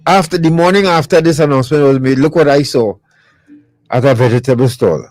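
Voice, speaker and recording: Trinidadian man hosting live talk, dark mellow tone, dry studio, chatty and joking. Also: medium pitch, brisk, dry recording, low-quality recording. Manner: chatty, repeats words, laughs easily. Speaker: host. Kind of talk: casual live talk show. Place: radio studio.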